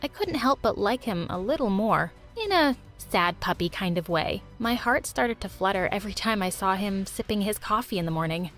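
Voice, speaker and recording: A woman tells a first-person animated drama in an expressive, dramatic way. Her voice sits at a middling pitch, with faint music underneath. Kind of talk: scripted narration of an animated drama.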